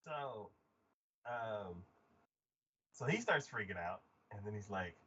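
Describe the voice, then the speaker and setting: Animated man with a husky voice. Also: on the low side, fairly quick. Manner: animated, acts out scenes with exaggerated voices; many fillers like "like". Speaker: podcast co-host. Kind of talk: casual anime discussion. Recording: dull lo-fi podcast audio.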